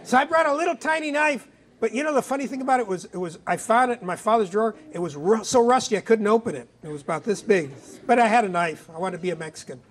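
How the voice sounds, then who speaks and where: Middle-aged male author, very high voice, animated and punchy, addressing students. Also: fast talker, a little hiss or hum. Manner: animated, emphatic, acts out dialogue. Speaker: author speaking at a school. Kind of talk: motivational storytelling talk. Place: middle school assembly.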